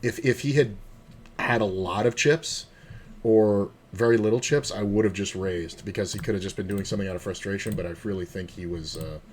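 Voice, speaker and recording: Male poker streamer, low voice, rambling and profane, faint hiss and typing behind him. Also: fairly quick. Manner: swears freely, rambling, mutters to himself. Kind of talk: casual live-stream commentary and storytelling.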